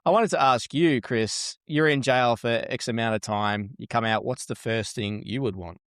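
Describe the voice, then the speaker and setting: A man's voice: mid-range voice, moderate pace, a bit bright, clean tone, no room sound, studio quality. A man hosting a podcast, blunt and jokey, swearing freely. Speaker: podcast host. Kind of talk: casual podcast chat.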